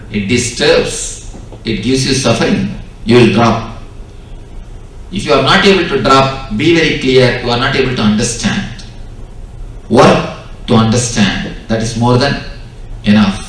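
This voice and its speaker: A man's voice: mid-range voice, lively intonation, slow pace, long pauses, a bit bright, a little hiss or hum. A young man with an Indian English accent giving a spiritual discourse, telling stories and repeating his key lines for emphasis. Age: 20s. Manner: repetitive, emphatic storytelling. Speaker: spiritual teacher. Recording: echoey distant hall recording.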